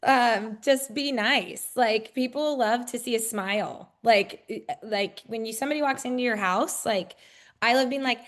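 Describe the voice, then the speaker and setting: Chatty woman real estate agent. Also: normal speed. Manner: bubbly, acts out greetings in a high excited voice; many fillers like "like" and "um". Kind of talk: casual interview chat.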